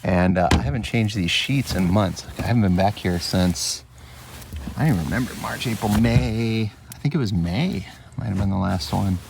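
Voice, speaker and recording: A man's voice: lowish voice, moderate pace, vocal fry, a little mellow. A man talking casually in a rambling, matter-of-fact way, narrating his travel vlog from the road. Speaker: cinematographer vlogger. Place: outdoors by a van on the road. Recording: noisy outdoor traffic ambience.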